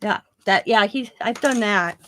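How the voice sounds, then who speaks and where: A woman's voice: mid-range voice, measured pace, sharp tone, slight background noise. A woman hosting a craft vlog, chatty and often laughing as she tells a story. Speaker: craft channel host. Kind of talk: casual craft vlog chat.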